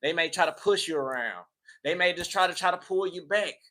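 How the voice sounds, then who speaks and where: A man giving a tarot reading with a fairly high voice. He preaches in a lively, slangy, motivational way, pushing and pulling his delivery for emphasis. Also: brisk. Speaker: tarot reader. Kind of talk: casual spiritual tarot reading.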